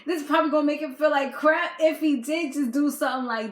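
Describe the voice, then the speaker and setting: A woman vlogger recaps a reality show in a loose, chatty way. She keeps dropping "like" and "you know". Her voice sits a little high and rings off the walls of an echoey room. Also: brisk, hardly any pauses, fairly bright tone. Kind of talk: casual video recap.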